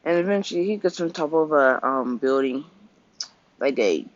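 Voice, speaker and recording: A man's voice: a little high, lively intonation, moderate pace. A young man casually retelling an improvised fan story, rambling, correcting himself and dropping offhand asides. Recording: dull lo-fi recording.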